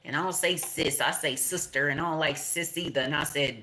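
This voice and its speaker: A woman's voice: low voice, a little fast, pushed and bright. A middle-aged woman, talking in a blunt, profane, rambling monologue with laughing asides. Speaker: tarot reader.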